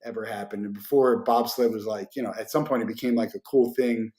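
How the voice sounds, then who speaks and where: A man's voice: on the low side, steady tone, a little fast, warm tone. A man hosting a podcast who asks casual, rambling questions full of "you know" and "like". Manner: rambling, with many "like" and "you know" fillers and restarts. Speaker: podcast host.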